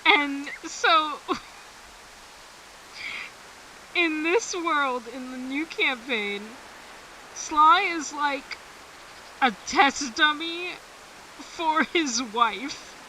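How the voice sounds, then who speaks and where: Woman streamer rambling slow w lots of laughs, faint hiss, mic kinda far. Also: high-pitched, bright, forceful tone. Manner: rambling, laughs often between phrases, swears casually. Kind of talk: casual storytelling on a game stream.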